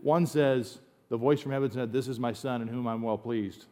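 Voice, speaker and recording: A man's voice: medium pitch, steady tone, moderate pace, dark tone. A middle-aged man from the United States, preaching a sermon as a pastor in a conversational way that swings into emphatic bursts.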